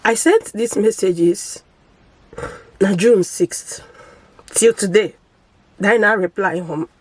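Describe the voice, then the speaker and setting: A woman's voice: medium pitch, slow, breathy edge, no echo, low-quality recording. A Nigerian woman vlogger, crying as she makes a pleading, wounded confession to camera in a village church compound. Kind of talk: emotional personal confession to camera.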